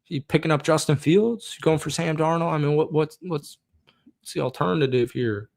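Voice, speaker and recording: A man's voice: a little high, moderate pace, gravelly. Man in a casual, profane football rant. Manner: frustrated, swearing, laughing, rises to shouting at the TV. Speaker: football podcast host.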